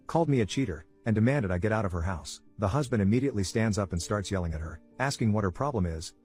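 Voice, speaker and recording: A man narrating a first-person reddit story in a brisk, even reading voice. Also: lowish voice, husky. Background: faint background music.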